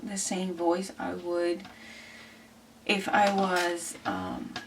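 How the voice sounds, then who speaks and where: A woman chatting casually and self-deprecatingly while coloring, talking softly toward a camera mounted overhead. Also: lowish voice, little pitch movement, drawn-out words, background noise. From grew up in the Netherlands from age thirteen. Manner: self-deprecating, rambling, laughs often. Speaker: art vlogger. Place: indoors at a desk. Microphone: camera overhead, some distance away. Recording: distant camera mic with music behind. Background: soft background music.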